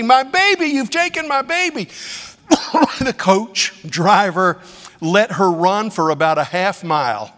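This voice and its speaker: Middle-aged man, preacher, sermon, storytelling, fairly high voice, hushed to loud swings, long hall echo.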